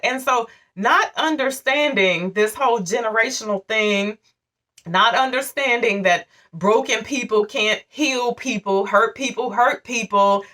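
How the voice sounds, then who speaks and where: A woman's voice: medium pitch, sharp tone, distant mic. A woman in her forties telling a painful personal story to her viewers in a candid, emotional, conversational way. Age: 40s. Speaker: vlogger.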